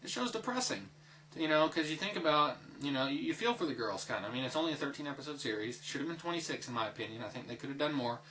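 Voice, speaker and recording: A man's voice: mid-range voice, sing-song, quick pace, sharp tone, rough recording. A young man giving a casual, rambling spoken review, full of fillers, restarts and swearing. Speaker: anime reviewer.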